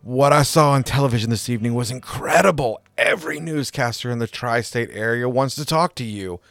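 A man's voice: mid-range voice, a little fast, vocal fry, fairly bright tone, no echo. A man reading aloud, voicing a menacing, manipulative ex-husband who taunts and sneers. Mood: scheming.

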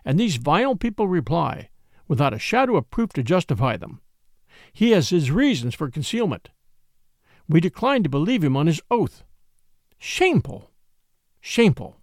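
A man voicing an unctuous, self-righteous gentleman in a storybook reading. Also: a little high, very animated, normal speed, long pauses, no echo, clean studio sound. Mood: indignant. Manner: unctuous, earnest. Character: smooth pious gentleman, self-righteous charmer.

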